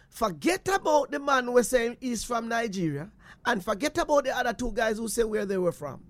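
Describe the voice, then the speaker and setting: Jamaican man, storytelling monologue, animated, patois slips, dry close sound. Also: extremely high pitch, normal speed, no room sound. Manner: animated, slipping into patois, repeats phrases.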